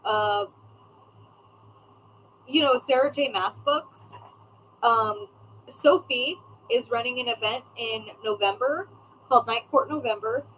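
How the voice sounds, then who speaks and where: A woman's voice: a little high, takes it slowly, pauses often, fairly bright tone, slight background noise, poor audio. A woman hosting a casual livestream, chatting with viewers by name and trailing off as she searches for things. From California. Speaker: livestream host.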